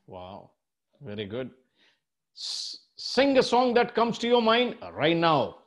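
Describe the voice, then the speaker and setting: A man's voice: on the high side, huge pitch swings, slow pace. A man hosting a quiz-style interview, mixing English and Hindi and lavishly praising his guest. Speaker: quiz show host. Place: remote, living abroad.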